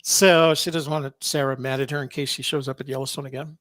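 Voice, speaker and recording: A man hosting a podcast, reading court filings aloud with wry, sarcastic asides and many halting fillers. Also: mid-range voice, flat delivery, a bit bright, no echo, clean studio sound. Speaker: podcast host.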